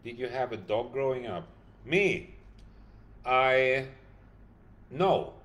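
A man's voice: mid-range voice, lively intonation, slow pace, a bit bright, dull audio. Tired man answering a livestream chat. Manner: reads viewer comments aloud and thanks them by name. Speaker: dog rescue founder answering live chat. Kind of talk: casual livestream Q&A.

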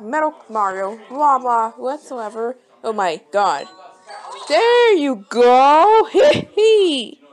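A woman giving rambling, casual game commentary, breaking into sudden excited exclamations. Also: on the high side. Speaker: gameplay commentator. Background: game music.

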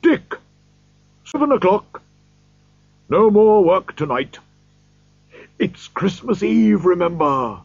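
Guy doing a fat cheery old boss shouting out, slow and husky, dull sound. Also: high voice, sing-song, no room sound, voice pushed up, heavily acted. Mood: jolly. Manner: calling out loud and hearty. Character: fat, jolly old male employer.

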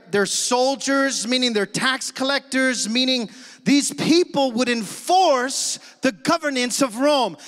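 High-voiced preaching man in echoing church. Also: fairly bright tone. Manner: emphatic preaching, calls to the congregation. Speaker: pastor. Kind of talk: sermon. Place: church sanctuary. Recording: long church hall reverb.

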